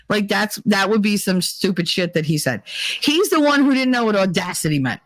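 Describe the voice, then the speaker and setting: A woman's voice: mid-range voice, brisk, dry recording. A woman tells a long personal story in a casual chat. Her voice sits mid-range and leaps up when she acts out other people's lines. The sound is close and dry. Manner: animated, emotional, acts out quotes. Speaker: streamer.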